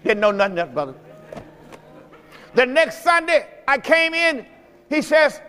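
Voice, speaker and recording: High-voiced preacher shouting in a hall. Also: male voice, very animated, unhurried, long pauses. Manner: calls on the congregation to respond; shouting with emphasis. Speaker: pastor. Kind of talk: sermon. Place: church sanctuary. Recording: echoey church hall with music.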